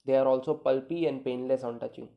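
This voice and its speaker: A man's voice: mid-range voice, fairly even intonation, quick pace, gravelly, lo-fi sound. A man giving a medical video lecture, talking conversationally, repeating key points and checking in with "okay" and "right".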